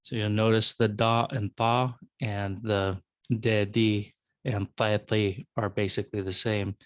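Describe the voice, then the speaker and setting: A man's voice: fairly low pitch, level tone, unhurried, no room sound. A male professor giving a recorded lecture, sounding out syllables one at a time and explaining them to students. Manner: explanatory, with fillers and asides to the student.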